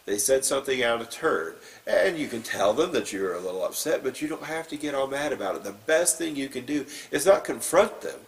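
A man's voice: mid-range voice, big pitch swings, fairly quick, hardly any pauses, distant mic, poor audio. Plain-spoken male pastor, mic set back. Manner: informal and plain-spoken, with fillers. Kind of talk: scripture reading and conversational sermon.

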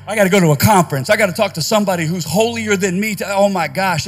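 Male pastor, high voice, energetic conference sermon, faint music underneath. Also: fast talker. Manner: energetic preaching, rising to shouts. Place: conference stage.

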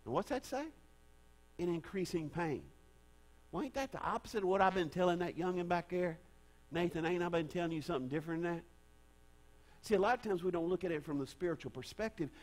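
A man's voice: high voice, rough recording. Folksy preacher man. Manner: folksy and conversational, with hushed prayer and frequent restarts. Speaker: pastor. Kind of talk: sermon.

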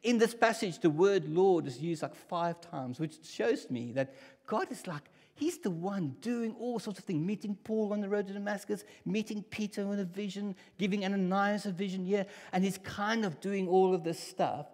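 A man preaching a sermon in a church hall, talking in a casual, conversational way that drops to near whispers and rises to loud bursts. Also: high voice, moderate pace. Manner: conversational, swings from hushed to loud. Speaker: pastor. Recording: long hall reverb.

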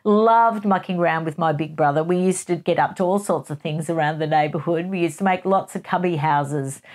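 A woman's voice: lowish voice, a little fast, a little mellow. Giggly, chatty woman host. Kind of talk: casual gossip chat.

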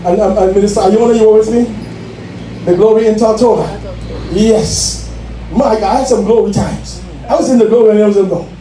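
Pastor, high-pitched and mellow, heard from afar in an echoey sanctuary, exuberant call-and-response preaching. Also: male voice, fairly even intonation, fairly quick. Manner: exuberant, calls for responses, laughs. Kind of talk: Pentecostal sermon. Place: church sanctuary. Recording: echoey church room from far off, faint noise.

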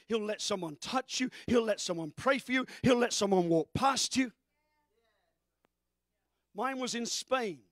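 A man preaching a sermon as pastor, fervent and breaking into shouts. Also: sits high, no echo, studio quality.

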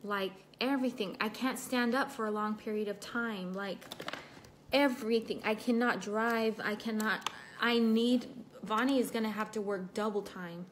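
A woman's voice: medium pitch, steady tone, normal speed, a little hiss or hum. A woman chatting casually on a livestream, reading viewer comments while she does her makeup, emotional about her broken foot. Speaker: livestream host.

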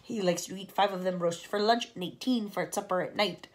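A woman voicing an excitable, grinning male centipede, reciting in a boisterous sing-song way. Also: mid-range voice, fairly quick, close to an everyday voice. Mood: gleeful.

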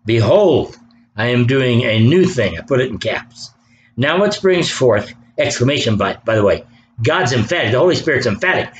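A man's voice: medium pitch, very animated, normal speed, a little hiss or hum, rough recording. A man preaching an impassioned sermon, reading scripture aloud and pressing his points with rising fervor. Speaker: pastor.

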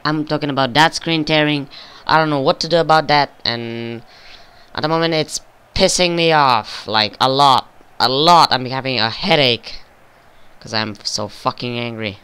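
A young man giving casual, profane commentary over a football video game he is playing, flaring up in frustration and excitement. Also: mid-range voice, moderate pace, smooth. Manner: swears often, flares up with frustration and excitement. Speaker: gaming video creator.

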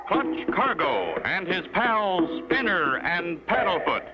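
A man's voice: sits high, very animated, slow. A man announcing a cartoon adventure serial in a dramatic style, on a lo-fi 1950s soundtrack. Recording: dull lo-fi 1950s TV soundtrack with loud music.

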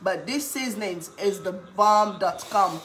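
A woman's voice: lively intonation, a little slow, a bit bright, a little hiss or hum. Chatty woman humming while eating. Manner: chatty, talks while eating, hums with pleasure, bursts into cheers; playful sales pitch for her own products. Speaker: cooking vlogger. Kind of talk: casual eating vlog chat.

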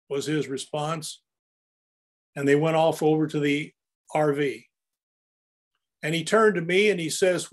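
A man's voice: fairly high pitch, steady tone, a little slow, long pauses. An older man narrating his own photographs in an anecdotal, storytelling way as he presents them.

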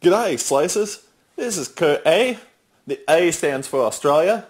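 A man's voice: fairly high pitch, lively intonation, unhurried. A male caller leaving a short, jokey voicemail in a put-on Australian accent. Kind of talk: voicemail message. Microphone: phone voicemail.

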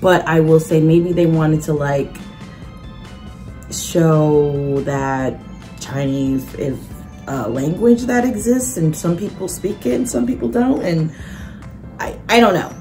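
A young woman vlogging in a casual, animated way, sarcastic and full of restarts. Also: low-pitched, slow, faint music behind. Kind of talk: casual chat.

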